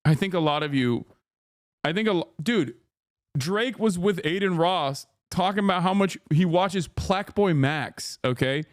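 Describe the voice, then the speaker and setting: A man's voice: sits high, expressive, unhurried, no echo. Male streamer, casual reaction talk, swears a lot, dry close sound. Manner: loose, profane, emphatic.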